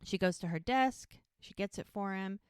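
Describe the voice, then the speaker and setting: Podcast co-host, woman, easy chatty recap voice, middle pitch, dry and close. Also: normal speed, smooth, dry recording. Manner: retells scenes by quoting characters with "he's like". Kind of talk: casual recap chat.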